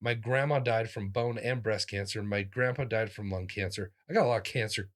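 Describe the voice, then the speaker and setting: A man, a comedian, telling stories in a casual interview, animated and acting out the voices of people he quotes with sudden jumps in pitch. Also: a little fast. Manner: talks in restarts and fillers, lively physical-comic energy. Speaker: comedian guest.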